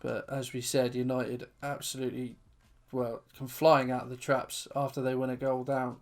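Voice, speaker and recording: A man's voice: mid-range voice, level tone, normal speed. Man commentating his football game. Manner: commentates on his own match, then recaps and signs off. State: out of breath. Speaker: gaming channel host.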